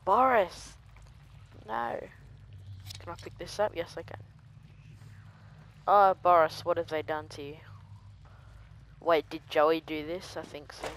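A game player giving quiet let's-play commentary, talking softly and easily startled. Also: medium pitch, level tone, normal speed, a little hiss or hum.

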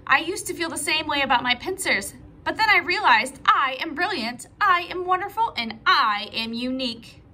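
A woman's voice: sits high, animated, moderate pace, few pauses, sharp tone, exaggerated voice. A woman voicing a proud male beetle artist who boasts about his pincers. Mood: encouraging.

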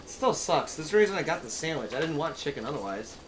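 A man talking casually beside a livestream host, his voice swinging lively up and down. He grumbles and jokes about his lunch. Faint noise hums beneath him. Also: a little high, quick pace. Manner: grumbling, joking complaints. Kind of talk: casual chat.

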